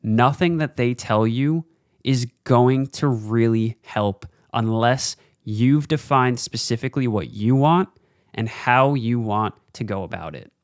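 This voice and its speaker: A man with a smooth, resonant voice talks into a studio mic, recorded close and dry with no room sound. He gives a blunt, casual motivational monologue as a podcast host, swears freely, and slows right down to press his points. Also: medium pitch, dry recording. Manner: slows down for emphasis. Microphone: studio mic, facing camera.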